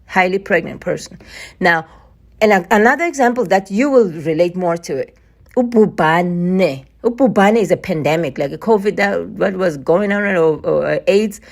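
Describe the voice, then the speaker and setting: A woman whose first language is Bantu, giving an emphatic screen-share Bible lesson. She keeps checking in with "right?" and leaps up in pitch on key points. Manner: emphatic, repetitive, asks "right?" constantly. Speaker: Bible teacher.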